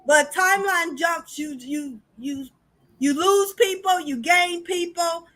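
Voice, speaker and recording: A woman hosting a casual spiritual podcast, animated and chatty, talking straight to her listeners. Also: extremely high pitch, slow, faint music behind. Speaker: podcast host.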